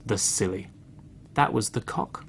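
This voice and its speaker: A woman teacher reading a children's story aloud in an expressive read-aloud voice. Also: extremely low pitch, measured pace, creaky, husky.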